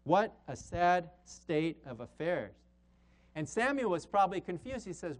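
Delivering a sermon as pastor, this man is emphatic and sing-song, stretching out key words and sinking to a low, quiet voice when he wants a point to land.

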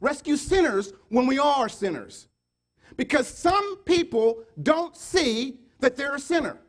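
A male preacher with a high voice that leaps all over the place. He fires rhetorical questions at his congregation over and over, pushing loud one moment and dropping to a murmur the next. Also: expressive, measured pace. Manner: swings from loud urging to low murmured quotes. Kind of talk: sermon.

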